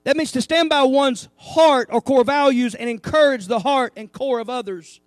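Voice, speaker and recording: A man preaching a sermon to his church, animated, breaking into asides and calling out to the congregation. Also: very high-pitched, moderate pace, no echo, studio quality. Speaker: pastor. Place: church sanctuary.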